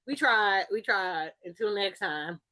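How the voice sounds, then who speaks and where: A woman's voice: mid-range voice, a little slow, no echo. Female co-host, easygoing and giggly, dry recording. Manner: giggly, relaxed. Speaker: podcast co-host. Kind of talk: casual chat.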